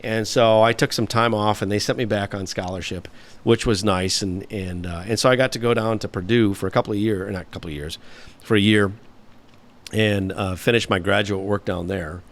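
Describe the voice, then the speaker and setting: A man's voice: fairly low pitch, steady tone, brisk. A man in his fifties, a guest on an interview show, telling long stories with loose, rambling phrasing and many fillers. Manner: rambling, anecdotal, frequent "you know" fillers. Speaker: guest, former automotive engineer. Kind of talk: storytelling interview answers.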